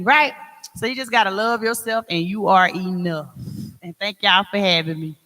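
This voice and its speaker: A woman's voice: medium pitch, moderate pace, pushed and bright. Emphatic woman speaking in an echoey hall. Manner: emphatic, preacherly, call-and-response asides. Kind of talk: motivational talk to an audience.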